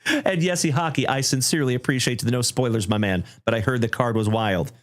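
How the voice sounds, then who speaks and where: A man hosting a livestream trading card break, thanking viewers effusively and calling out cards with excitement. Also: medium pitch, fast. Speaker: live card break host.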